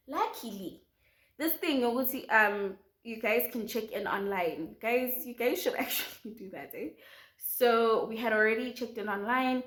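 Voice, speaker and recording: A young South African woman spins a dramatic story for her vlog, voice pitched a little high. She tells it with lively drama, and the sound has a roomy echo. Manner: animated, dramatic storytelling with quick switches into isiZulu. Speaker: vlogger.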